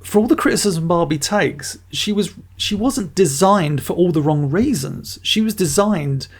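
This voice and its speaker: An enthusiastic male podcast host reviews a film in loose, casual chat, swearing freely. His voice is gravelly. It sits somewhat high. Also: expressive, normal speed.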